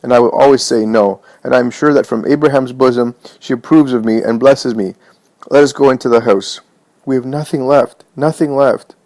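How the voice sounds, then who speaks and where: A man's voice: mid-range voice, fairly even intonation, normal speed, a little mellow, no room sound, natural voice. A man reading as fervent grieving woman Mary. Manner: impassioned, exhorting.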